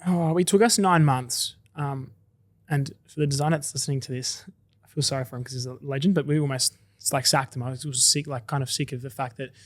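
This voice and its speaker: An Australian drinks company founder talks through his business in a casual, enthusiastic podcast interview, chatty and quick. His voice is medium-pitched with fairly even intonation, and the recording is dry.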